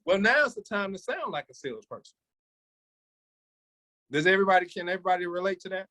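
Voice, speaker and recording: Guy running a sales training on a video call, lively, calls on folks by name, slightly high voice. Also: normal speed, long pauses, rough recording. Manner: energetic coaching, addresses listeners by name. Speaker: sales team leader and trainer.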